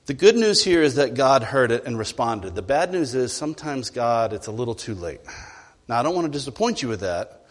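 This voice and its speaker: A man preaching a sermon as a pastor, animated, swinging between loud emphatic lines and quiet, low asides. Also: brisk. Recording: long hall reverb.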